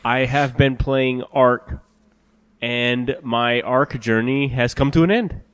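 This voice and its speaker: A man's voice: medium pitch, takes it slowly, clean tone, no room sound. Young guy rambling on a gaming pod, cracks jokes, laughs a lot. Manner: jokey, laughs through stories. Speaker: podcast co-host. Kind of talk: casual chat.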